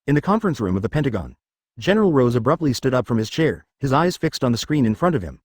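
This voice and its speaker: A man's voice: medium pitch, sing-song, fast, no room sound, clean studio sound. A man reading a web novel aloud as narrator, dramatic with stiff translated phrasing.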